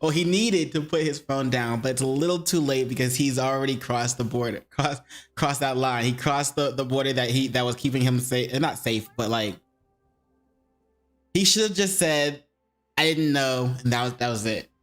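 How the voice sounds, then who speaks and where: Guy streaming and reacting, mid-pitch voice, rambles and restarts, faint music behind. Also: normal speed, a bit bright. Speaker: streamer reacting while gaming. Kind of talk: casual live-stream chat.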